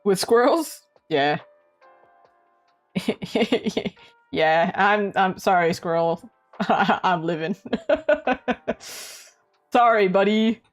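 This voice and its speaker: An art streamer from Canada, a young woman, giggles and chats casually with her live audience. She speaks very slowly and pauses often, her pitch swinging lively, while faint music plays.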